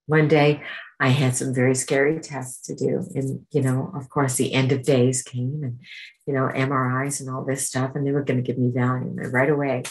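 Woman with a low voice giving a recovery testimony. She is earnest and conversational and acts out her stories. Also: flat delivery, moderate pace, darkish tone, low-quality recording. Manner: earnest, conversational storytelling that acts out quoted exchanges. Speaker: speaker sharing her recovery story. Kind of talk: personal testimony at a recovery meeting.

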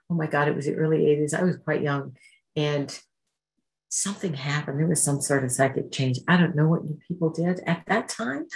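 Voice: mid-range voice, a little mellow, rough recording. A speaker from Canada gives an emotional personal testimony at a recovery meeting, acting out remembered voices while telling the story.

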